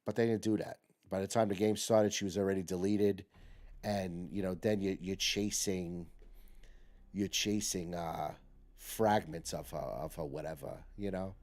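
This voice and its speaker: A man's voice: low voice, steady tone, a little slow, darkish tone. A middle-aged man chatting casually while he streams a game as host, often repeating himself and asking "okay?". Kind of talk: casual live gameplay commentary.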